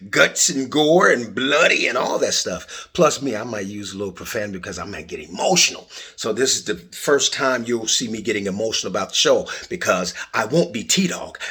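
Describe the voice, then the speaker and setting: A man's voice: on the low side, pushed and bright, slightly rough. A middle-aged man hosting a podcast, talking in a casual, playful way with jokey asides. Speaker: podcast host.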